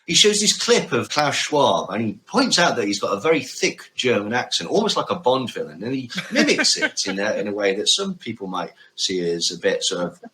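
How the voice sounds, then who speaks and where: A man co-hosts a chatty podcast, his voice bright and forward. He talks with an animated, up-and-down delivery and drops in wry, sarcastic asides. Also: lowish voice, a little fast, hardly any pauses, poor audio. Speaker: podcast co-host. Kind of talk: casual podcast chat.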